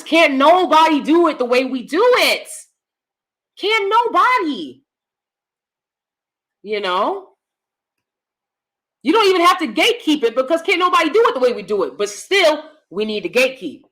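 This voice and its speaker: Woman host, live-stream commentary; bright, edgy tone, blunt and profane delivery. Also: a little high.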